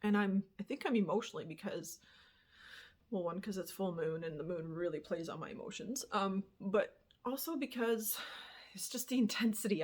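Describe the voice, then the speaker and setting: Young woman vlogging to camera, frank and rambly, drops curse words, mid-pitched voice. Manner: candid, rambling, swears casually. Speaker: spiritual vlogger. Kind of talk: candid personal monologue.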